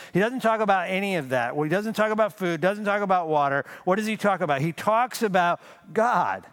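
A man preaching a sermon as pastor, emphatic, repeating key phrases and slowing down to stress them. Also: sits high, a bit bright.

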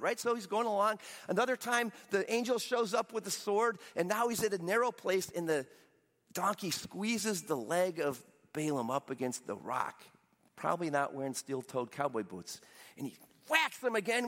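A man's voice: on the high side, sing-song, moderate pace, a bit bright, long reverb tail. A man preaching a sermon, retelling a story with playful voiced asides for the characters. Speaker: pastor.

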